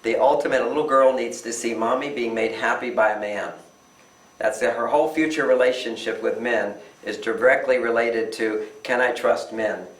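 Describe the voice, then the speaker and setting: A man's voice: mid-range voice, fairly even intonation, moderate pace. An older man, a relationship author answering interview questions with emphatic delivery who often acts out quoted voices. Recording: echoey room, distant mic.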